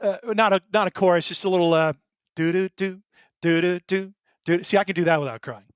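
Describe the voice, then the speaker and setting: High-voiced earnest middle-aged man. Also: very fast, clear, resonant tone, no echo. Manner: earnest, emotional, hesitant with many fillers and restarts. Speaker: podcast co-host. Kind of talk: casual chat.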